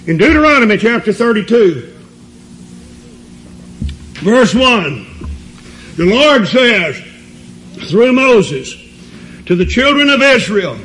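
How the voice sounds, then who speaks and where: A man's voice: high voice, very animated, takes it slowly, pauses often, a bit bright, rough recording. A male preacher giving a sermon, reading scripture aloud and asking his listeners rhetorical questions.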